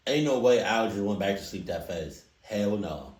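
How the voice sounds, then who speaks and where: A man reacting to a horror story, loud and animated, joking and swearing. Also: on the low side, moderate pace. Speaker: reaction video host. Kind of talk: casual reaction commentary. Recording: echoey room.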